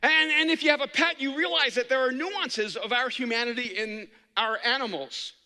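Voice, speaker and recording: A man's voice: extremely high pitch, moderate pace, pushed and bright. A man giving an inspirational talk to an audience in a humorous, preacherly, dynamic way. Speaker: speaker. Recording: echoey hall reverb.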